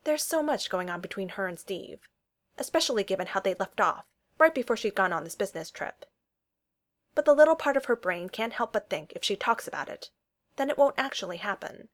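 A woman narrating a story in an expressive reading voice. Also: mid-range voice, a little fast. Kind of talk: fan fiction story reading.

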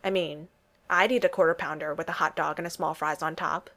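A woman's voice: low-pitched, steady tone, fairly quick, a bit bright. A woman reading the lines of a laid-back, cocky male archer in a story, mumbling in an offhand way.

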